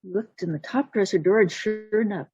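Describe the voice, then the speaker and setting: A woman storyteller telling a folktale slowly and deliberately, voicing the sound effects herself over a video call. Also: mid-range voice, darkish tone, slightly rough, no room sound. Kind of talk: told folktale. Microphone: video call mic. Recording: dull lo-fi call audio.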